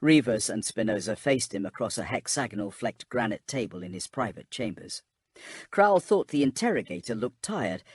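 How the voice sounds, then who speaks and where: A man narrating a calm bedtime sci-fi audiobook in a steady, husky voice. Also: on the low side, dry recording.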